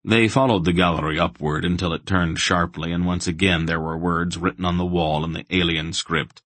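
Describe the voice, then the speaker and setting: A man narrating a fantasy audiobook in a steady, measured way. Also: sits low, no room sound.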